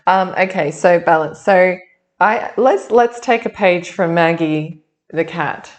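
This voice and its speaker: A woman's voice: on the low side, slow. A woman giving a casual monthly tarot reading, chatty and thinking aloud with many restarts. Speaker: tarot reader.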